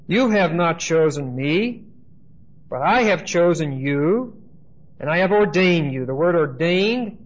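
A fairly high-pitched male pastor, heard on a muffled recording, teaches from Bible verses in a chatty way at a church service, frequently checking in with "okay?" and drifting into side remarks.

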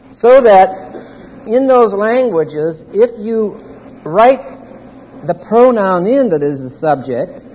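A man's voice: high-pitched, darkish tone. A man giving an expository Bible teaching to a live audience in a large hall, explaining grammar point by point and quizzing his listeners. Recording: reverberant hall, faint background noise.

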